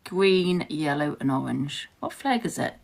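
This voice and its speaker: A woman's voice: low-pitched, lively intonation, measured pace, gravelly. A woman from New Zealand chatting casually on a livestream, rambling and defensive and laughing often. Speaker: livestream host.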